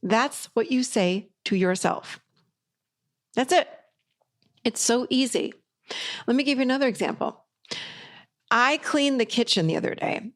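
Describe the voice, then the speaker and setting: With a mid-range voice, a middle-aged podcast host who also coaches people on life offers an encouraging motivational talk. Her tone is upbeat and her delivery emphatic.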